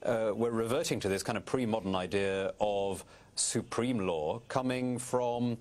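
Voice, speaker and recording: A man's voice: lowish voice, a little slow. A middle-aged British man, a guest on a TV interview, talking in an articulate, wry way. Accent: British English. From Britain. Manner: articulate, wry, animated storytelling. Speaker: guest politician.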